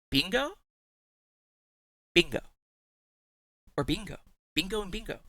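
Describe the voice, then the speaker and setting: A man's voice: on the high side, big pitch swings, a little slow, pauses often, pushed and bright, no echo. A young man streaming live, chatting casually with his viewers, teasing them, swearing freely and laughing often.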